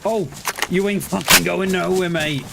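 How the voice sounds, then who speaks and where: Guy streaming a game, chatty, swears a lot, voice a bit high, noisy background. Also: fairly even intonation, normal speed. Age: adult parent of a schoolchild. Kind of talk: casual live-stream chat while gaming. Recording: clear background noise.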